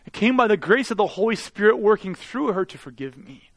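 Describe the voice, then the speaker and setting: A fairly high-voiced man preaches earnestly. His delivery swells loud on key phrases, then falls to soft, intimate confession. The sound is dry and close, with no room echo. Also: lively intonation, brisk. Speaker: pastor. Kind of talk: sermon.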